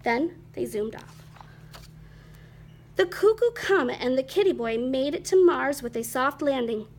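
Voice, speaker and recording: A woman with a high, bright voice reads a children's picture book aloud, lively and rhythmic. She makes the story expressive. Faint hiss sits underneath. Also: a little slow.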